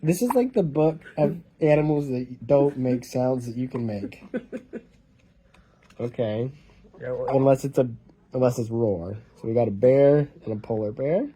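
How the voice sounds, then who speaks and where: A man's voice: medium pitch, measured pace, warm tone, breathy edge. A man reading a picture book aloud to his baby in a casual home video, joking about what noises the animals make.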